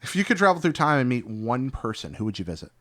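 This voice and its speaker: A man hosting a podcast, asking quick questions with animated reactions and rambling a little when he answers. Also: medium pitch. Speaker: podcast host. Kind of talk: casual interview chat.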